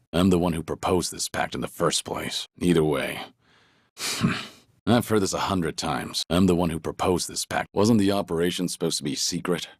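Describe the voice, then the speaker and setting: An actor voicing a stoic, gruff middle-aged ex-yakuza man in video game voice lines, terse and low-spoken. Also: dry recording, studio quality, full character voice. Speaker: game character voice clips.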